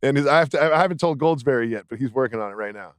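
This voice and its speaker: A man's voice: medium pitch, lively intonation, racing, no echo, studio quality. A man co-hosting a sports podcast, talking casually with jokes and self-deprecating laughs. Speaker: podcast co-host.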